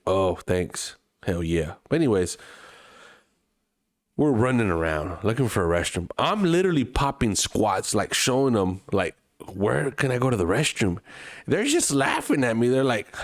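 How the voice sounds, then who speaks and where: A man from Mexico, co-hosting a podcast, telling a travel story with lively acted-out voices and plenty of swearing. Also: medium pitch, measured pace, no room sound, studio quality. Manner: animated storyteller, acts out other people's voices, swears freely. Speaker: podcast co-host. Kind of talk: casual chat, storytelling.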